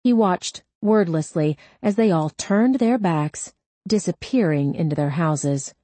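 A woman narrating a crime novel audiobook in a slow, measured, steady delivery. Her voice sits on the low side, and the recording is close and dry, with no room sound. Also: dry recording.

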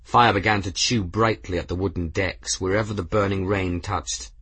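A man reading fiction as an audiobook narrator, in a steady, measured scripted narration. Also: sits low, slightly rough, dry recording.

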